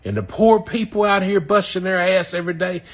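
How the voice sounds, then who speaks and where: A voter from the Southern United States, with a Southern American accent, vents his view in an angry personal rant, cursing often and now and then apologizing for his language. His voice sits high and moves a little fast.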